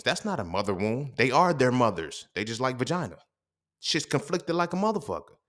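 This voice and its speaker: A man's voice: lowish voice, fairly bright tone. A man delivering a casual, profane monologue, blunt and streetwise, firing off rhetorical questions. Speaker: podcast host.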